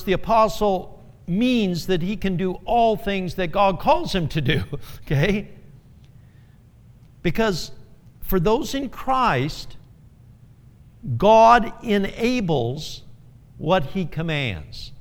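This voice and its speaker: A high-voiced man preaches in an unhurried, earnest way, circling back to repeat his key phrases and letting small chuckles slip in. His voice rings out with a long reverb around a church sanctuary. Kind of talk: sermon.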